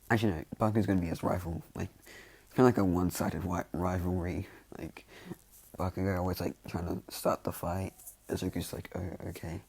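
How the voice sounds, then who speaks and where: A man's voice: low voice, vocal fry, darkish tone, slightly rough, dry recording. A man casually improvising a fan story, rambling with lots of fillers and self-corrections.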